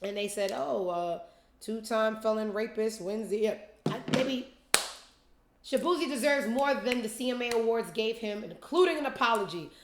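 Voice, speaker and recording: A woman's voice: on the high side, moderate pace, noisy background. A woman hosting a commentary show, ranting in a blunt, scornful way. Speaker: show host. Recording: roomy echo.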